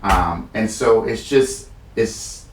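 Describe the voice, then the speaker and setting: A male podcast co-host talks earnestly in a casual discussion, often restarting his sentences. His voice is fairly low and slow, recorded with roomy echo a bit far from the mic and a little hiss or hum.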